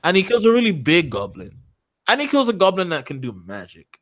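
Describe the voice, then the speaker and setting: A man's voice: high-pitched, huge pitch swings, brisk, fairly bright tone. A man co-hosting a casual stream chat, rambling and mocking, often tripping over his own restarts. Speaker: stream co-host.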